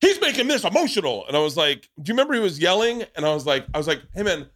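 A young adult comedian telling a story in casual podcast chat, jumping into high voices to act out the people he quotes. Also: rapid-fire, dry recording, clean studio sound. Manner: animated, jumps to high pitch acting out quoted people. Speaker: comedian guest.

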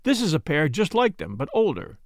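A man's voice: fairly high pitch, huge pitch swings, brisk, no room sound. Male reader playing a self-assured inspector in a storybook, confident and matter-of-fact, dry close sound.

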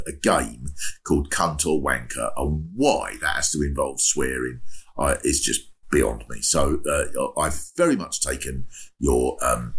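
A man's voice: very deep voice, fairly bright tone, breathy edge. An older man hosting a comedy podcast, riffing chattily and mocking himself, slipping into silly voices for quotes. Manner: chatty, self-mocking, breaks into laughter; puts on comic voices for quotes. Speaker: podcast host. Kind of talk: comic monologue.

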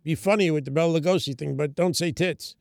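A man's voice: a little high, fast, vocal fry, no echo. Older man telling comedy stories, dry sound. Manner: animated anecdote telling, acts out quoted voices. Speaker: comedian guest. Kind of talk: casual storytelling on a podcast.

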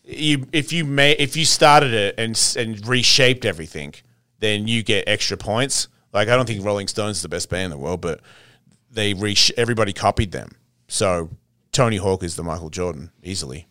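A man's voice: fairly low pitch, lively intonation, moderate pace, sharp tone, dry recording, clean studio sound. A man with an Australian accent, a podcast guest who talks bluntly, swears freely and laughs often. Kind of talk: casual interview chat.

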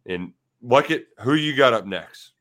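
A man's voice: medium pitch, expressive, measured pace, fairly bright tone. A man co-hosting a sports podcast in a playful, self-mocking way, tripping over restarts as he gives his take. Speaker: podcast co-host. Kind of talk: casual sports betting chat.

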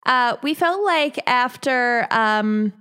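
A woman's voice: fairly high pitch, lively intonation, takes it slowly, bright, forceful tone, smooth. A woman co-hosting a chatty podcast, introducing the show and laughing easily with her friends. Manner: giggly, chatty. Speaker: podcast co-host. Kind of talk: casual chat.

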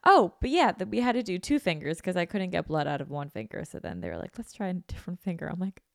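A woman's voice: on the low side, sing-song, fast talker, creaky, no echo, clean studio sound. A young woman hosting a podcast, telling a story in a chatty, self-dramatizing way and full of "like"s while she recovers from illness. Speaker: podcast host. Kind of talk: casual chat.

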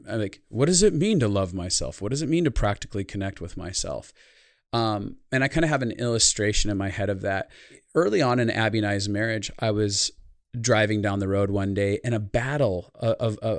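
A man with a fairly low voice, speaking as a life consultant in a podcast conversation. He tells a personal story earnestly and reflectively. The sound is dry, with no room echo.

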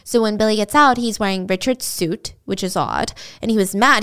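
A woman's voice: medium pitch, moderate pace, fairly bright tone, smooth. A woman retelling a true-crime story in a casual, dramatic way, with chatty asides to the listener.

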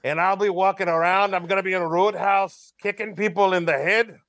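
A man's voice: high-pitched, fairly even intonation, fairly quick, fairly bright tone, no room sound. A man doing a mocking impression of a cocky, brash Irish male fighter, with a put-on Irish accent and broken grammar.

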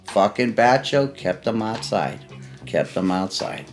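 A man's voice: fairly low pitch, lively intonation, measured pace, faint music behind. An older man recounting his days with the mob in a profane, storytelling way, acting out the voices of the people in his stories. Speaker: interviewee, former mob associate.

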